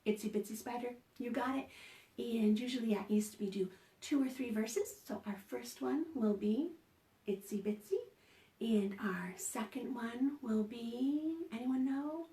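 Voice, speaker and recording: A high, mellow woman's voice, slow and sing-song as she leads a children's story time from home. Her gentle, encouraging tone is caught by a laptop mic from a distance, so the sound is roomy. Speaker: children's librarian. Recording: roomy home video call audio from a distance.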